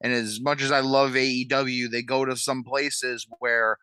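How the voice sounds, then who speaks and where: Podcast dude with a bright edgy voice, chill, swears, dry mic. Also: male voice, medium pitch, flat delivery, measured pace, clear, resonant tone, no echo. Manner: laid-back, swears casually, explains stats. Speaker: podcast co-host. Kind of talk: casual sports chat.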